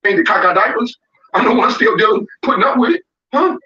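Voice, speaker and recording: High, fast-talking complaining man. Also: very animated, bright, forceful tone. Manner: complaining, rambling and repetitive. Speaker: parent in a played clip. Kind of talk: complaining casual talk. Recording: echoey, distant, lo-fi clip.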